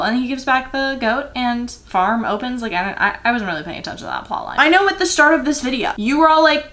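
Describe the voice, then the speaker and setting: A young woman recapping children's books in a casual, sarcastic chat, full of filler words and sudden jumps in pitch. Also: expressive, brisk, few pauses, sharp tone. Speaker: book vlogger.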